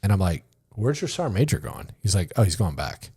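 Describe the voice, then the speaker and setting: A middle-aged man with a deep, low voice talks as a guest in a casual interview. He rambles comfortably through his stories with plenty of fillers and the odd curse. He often slips into quoted dialogue to act out the other people in them. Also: sing-song, brisk, warm tone, slightly rough. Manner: loose and conversational, many fillers, acts out dialogue, swears. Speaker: podcast guest, retired army sergeant major.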